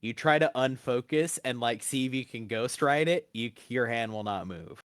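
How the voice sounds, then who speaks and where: A man acting as game master, narrating a tabletop game in a chatty, halting way with frequent laughs. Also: mid-range voice, fairly bright tone, clean tone, dry recording, clean studio sound.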